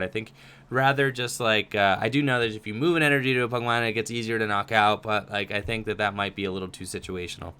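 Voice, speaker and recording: A young man with a bright, clean-sounding voice runs a relaxed livestream Q&A. He reads questions from chat and answers in a loose, rambling way full of little fillers. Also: lowish voice, clean tone. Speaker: streamer answering viewer questions. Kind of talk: casual livestream Q&A.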